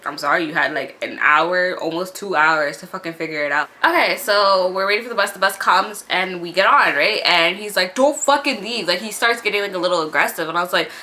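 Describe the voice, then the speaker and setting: A woman in her twenties telling a casual storytime, animated and profane, laughing often. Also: lowish voice, a little fast, hardly any pauses.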